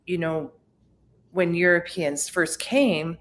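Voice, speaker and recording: A woman film director answering a webinar question in a soft-spoken, thoughtful way with some hesitations. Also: fairly low pitch, slow pace. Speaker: documentary director.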